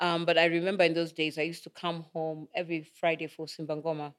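A woman's voice: low voice, flat delivery, fast talker, smooth. A middle-aged woman from Kenya, a guest in an interview, telling stories casually and laughing often. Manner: chatty, laughs often, acts out quoted dialogue.

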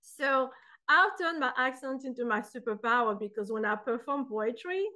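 A young woman with a French accent talks in an interview, lively and storytelling as she answers. Her voice sits a little high for a woman. She acts out quoted voices now and then. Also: normal speed. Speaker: poet and author. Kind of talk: interview conversation.

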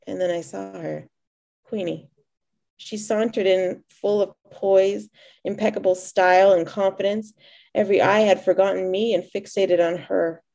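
Woman author, reading own story aloud, measured, expressive, mellow warm tone. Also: mid-range voice, vocal fry. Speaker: author and poet, guest.

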